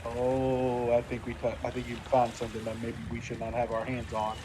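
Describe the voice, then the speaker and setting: A man playing a tabletop game in an excitable, chatty way. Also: medium pitch, normal speed, noisy background. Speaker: player. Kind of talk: casual tabletop game play.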